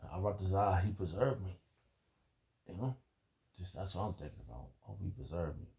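A man in a rambling spiritual monologue, emotional and halting, peppering his talk with "man" and "bro". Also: deep voice, lively intonation, gravelly, mellow. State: emotional, holding back tears.

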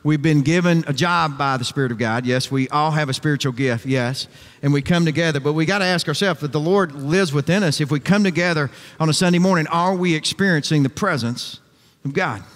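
A man's voice: on the high side, brisk, long reverb tail. A male pastor preaching an emphatic sermon full of rhetorical questions and folksy asides. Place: church sanctuary.

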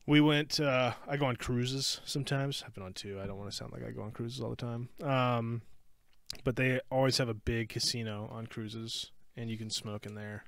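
A man's voice: mid-range voice, steady tone, moderate pace, gravelly, no room sound, clean studio sound. A young man co-hosting a podcast, chatting casually, swearing freely and drifting into tangents. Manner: rambling, profane, goes off on tangents. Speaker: podcast co-host. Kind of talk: casual chat.

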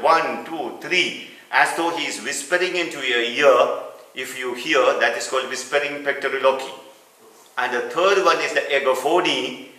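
A man's voice: medium pitch, sharp tone. A man teaching a clinical lecture, explaining step by step and repeating key terms. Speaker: medical teacher. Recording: echoey room, mic at a distance.

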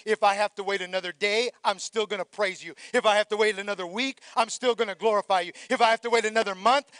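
High-voiced preaching pastor, close and dry. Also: male voice, clear, resonant tone, no echo. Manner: preaching, swells to shouted calls for praise; drops low and quiet for reflective passages. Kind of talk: sermon.

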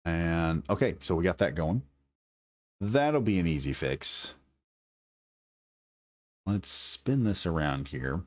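A man's voice: low voice, lively intonation, slow pace, pauses often, dry recording. A man giving casual, enthusiastic gameplay commentary, thinking aloud as he builds. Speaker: gaming video creator.

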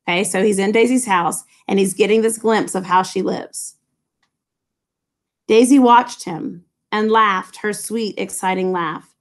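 A woman teacher reading a novel aloud to her students and explaining it in casual, chatty asides. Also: medium pitch. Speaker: English teacher.

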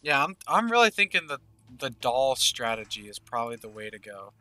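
A man's voice: medium pitch, very animated, fairly quick, pushed and bright, no room sound. A man giving casual gameplay commentary, thinking aloud and murmuring game text as he plays. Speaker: gaming channel host.

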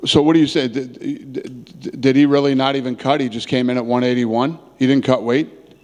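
A blunt, casual middle-aged man fields questions from reporters, stumbling and restarting his words as he goes. His mid-pitched voice rings out with a long reverb in a large room. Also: steady tone, moderate pace, darkish tone. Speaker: promoter answering press questions. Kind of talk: press conference answers.

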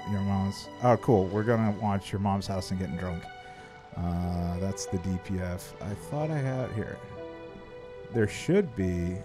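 Slow, low-voiced swearing gamer man. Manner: swears freely, laughs often, rambles with restarts. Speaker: streamer. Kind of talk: casual live-stream chat while gaming.

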